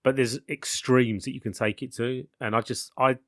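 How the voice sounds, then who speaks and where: A man's voice: medium pitch, steady tone, normal speed, a bit bright, no echo. A man in casual podcast chat, joking and bantering as a guest. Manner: jokey, banters and calls people mate.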